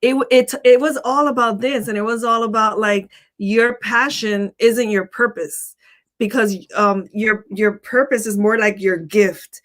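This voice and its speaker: Woman, middle-aged, co-host, chatty, playful, halting, fairly high voice. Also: fairly even intonation, a bit bright. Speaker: show co-host. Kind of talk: casual motivational talk show chat.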